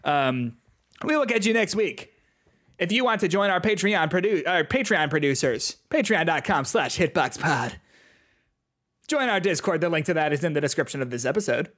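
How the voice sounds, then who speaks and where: A man doing a comic impression of a male comedian's quick patter while reading a podcast outro, pitched higher than his own voice. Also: animated. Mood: mock-announcing. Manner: halting, self-mocking, higher and brighter than his own voice.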